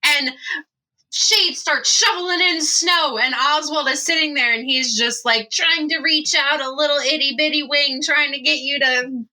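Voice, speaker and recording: A woman narrating as game master of a tabletop game, animated and laughing often. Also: high voice, poor audio.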